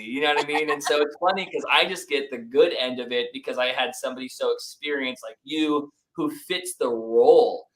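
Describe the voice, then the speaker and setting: A man's voice: medium pitch, brisk, hardly any pauses, rough recording. Chatty young man telling stories. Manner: animated, acts out quotes, says "like" and "dude" often. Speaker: business founder, podcast guest. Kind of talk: casual interview storytelling.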